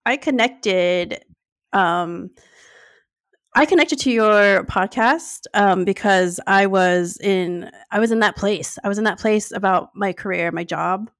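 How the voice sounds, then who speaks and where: A woman speaks as a podcast guest, earnest and heartfelt. She talks casually at a medium pitch over a video call. The sound is dry. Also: slow pace, dry recording. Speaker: podcast guest, former teacher.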